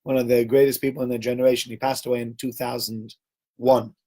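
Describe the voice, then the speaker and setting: Husky man telling a story in a sermon. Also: medium pitch, quick pace. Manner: animated storyteller who acts out voices. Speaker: rabbi giving a weekly Torah talk.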